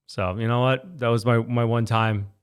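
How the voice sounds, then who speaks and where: A man's voice: mid-range voice, fairly even intonation, moderate pace, clean tone. A man in his thirties co-hosting a podcast, telling a story in casual chat and acting out the voices of people he quotes. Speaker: podcast co-host.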